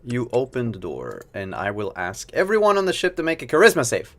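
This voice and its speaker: A man's voice: medium pitch, very animated, brisk, a bit bright, a little hiss or hum. A man narrating as game master of a streamed tabletop game, casual and rambling with fillers.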